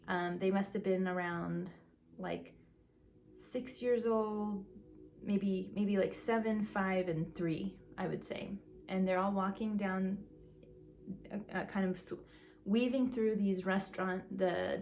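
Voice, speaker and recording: A woman talking casually to her viewers in a vlog. She often restarts her sentences and fills gaps with um and like, and she gets a little out of breath when she is excited. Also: mid-range voice, a little hiss or hum. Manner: chatty, restarts sentences, says um and like. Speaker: video creator.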